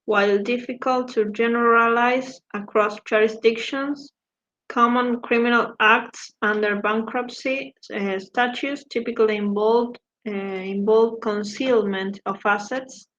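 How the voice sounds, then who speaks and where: A woman student reads a passage aloud in an online class, carefully, sometimes tripping and correcting herself. Her voice sits slightly high. The call audio is dull, with a faint noise behind it. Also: fairly even intonation, unhurried, a bit bright. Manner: careful reading, stumbles and self-corrects. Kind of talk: reading a text aloud in class. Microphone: video call.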